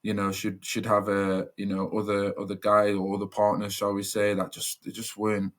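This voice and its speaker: A man's voice: on the low side, monotone, normal speed, a bit bright. A young man telling a personal story as a podcast guest, earnest and reflective, with many fillers and restarts.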